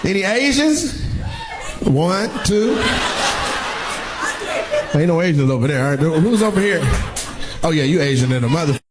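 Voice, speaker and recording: A middle-aged stand-up comedian working the crowd from a live stage. His voice sits a touch high for a man, and he is loud, profane and teasing as he ribs audience members. Heard through a handheld stage mic in the venue. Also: lively intonation, quick pace.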